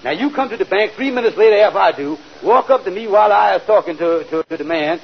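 A high-voiced bluffing con man. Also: lively intonation, breathy edge, highs cut off, exaggerated voice. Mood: scheming. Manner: fast-talking, bluffing, mangled grammar. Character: scheming smooth-talking male con man. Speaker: comic lead. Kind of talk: 1940s radio comedy acting. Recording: old radio broadcast, hiss, loud audience laughter.

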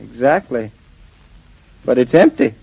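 A man's voice: medium pitch, measured pace, gravelly, slightly rough, heavily acted. An actor playing a cheerful, teasing young husband who dotes on his dog, in 1940s radio acting on a dull old radio recording. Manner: jovial, teasing, animated.

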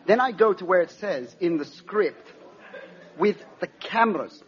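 A man playing a halting, deadpan film director. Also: high voice. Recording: dull lo-fi sound, noisy crowd.

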